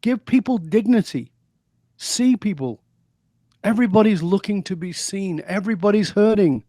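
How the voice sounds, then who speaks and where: A man's voice: high-pitched, lively intonation, moderate pace, dark tone, no echo, studio quality. A man, a guest in an interview, telling stories and making points in an emphatic, preachy way. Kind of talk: interview conversation.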